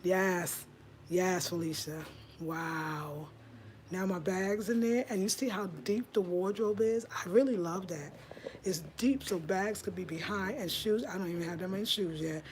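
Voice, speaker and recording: A woman hosting a home design live stream from her rented house, chatting excitedly with viewers and calling them y'all. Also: fairly low pitch, unhurried, a little hiss or hum. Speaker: home design channel host.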